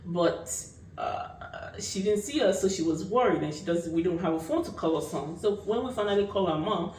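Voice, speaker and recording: A young woman tells a personal story in a lively, casual way, leaning on fillers as she talks. Her voice carries from a distance in an echoey room, with faint ambient noise under it. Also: on the low side, a little fast. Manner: animated, full of fillers. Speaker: vlogger.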